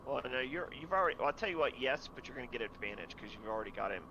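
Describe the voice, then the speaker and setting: A man's voice: mid-range voice, lively intonation, rapid-fire, dull audio, noisy background. A man narrating a tabletop game as game master, chatting casually with fillers and laughter.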